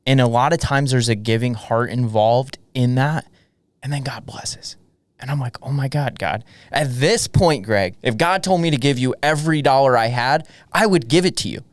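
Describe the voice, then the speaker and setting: A male podcast host with a smooth, clean voice recorded close and dry. He tells personal stories with fervent, energetic conviction in a relaxed interview. His pitch sits in an ordinary middle range. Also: moderate pace, no room sound. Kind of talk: conversational interview, personal storytelling.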